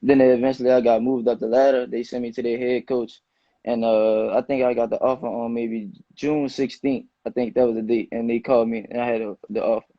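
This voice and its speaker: A young man in his late teens, a high school football player, answering interview questions in a relaxed, slangy way. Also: brisk, no room sound. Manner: relaxed, loose slangy phrasing with many "you know"s. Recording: dull, muffled dry sound.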